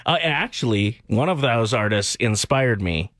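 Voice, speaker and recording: A man's voice: mid-range voice, animated, moderate pace, a bit bright, no room sound, studio quality. Joking male radio morning host. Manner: joking, teasing, upbeat. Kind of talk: casual radio banter. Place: radio studio. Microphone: studio mic.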